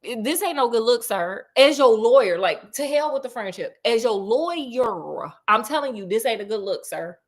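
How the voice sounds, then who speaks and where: A woman's voice: on the high side, lively intonation, normal speed, few pauses, natural voice. A woman voicing a blunt, exasperated male lawyer who gives slangy, plain-spoken warnings to a friend.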